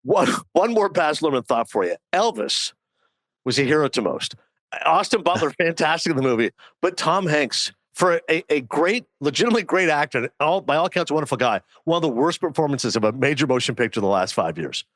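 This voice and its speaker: A man's voice: on the high side, lively intonation, a bit bright, dry recording. A middle-aged man from Canada, a podcast guest who races through stories and acts out the quotes. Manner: quick anecdotes with acted-out quotes. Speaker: guest, film and sports commentator. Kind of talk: casual chat.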